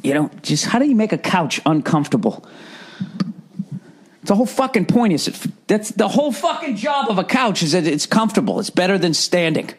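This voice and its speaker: Middle-aged american guy ranting on his podcast, swears a lot, sarcastic, kinda high voice. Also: sing-song, a little fast, breathy edge. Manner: profane, sarcastic ranting with mocking sung bits. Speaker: podcast host. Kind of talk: rambling solo podcast monologue.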